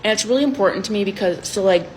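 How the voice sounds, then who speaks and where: A woman playing a brisk, impatient male leader chairing a meeting. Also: medium pitch, slight background noise, natural voice, poor audio.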